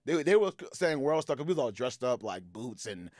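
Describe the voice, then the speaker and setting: A man telling a story as a podcast guest, animated, acting out quoted lines loudly and laughing as he goes. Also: mid-range voice, fairly quick, dry recording, clean studio sound. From Texas. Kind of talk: casual storytelling. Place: podcast studio.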